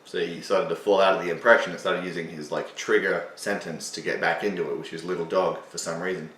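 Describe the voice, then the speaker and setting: Sarcastic man, low voice, echoey room. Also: fairly even intonation, fast talker, fairly bright tone, far from the mic, slight background noise. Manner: sarcastic, self-mocking, swears. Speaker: host reacting to his old video. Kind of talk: casual commentary.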